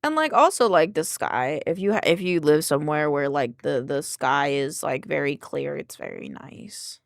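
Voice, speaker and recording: A woman's voice: low-pitched, sing-song, normal speed, no echo, clean studio sound. A young woman streamer chatting casually with her live chat in a sleepy, laid-back way, counting out exercise reps as she goes.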